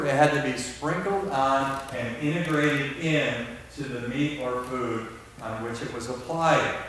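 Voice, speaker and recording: An older man preaching a sermon as pastor, emphatic, moving between quiet, low stretches and loud stressed lines. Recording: echoey hall from far off, faint hiss.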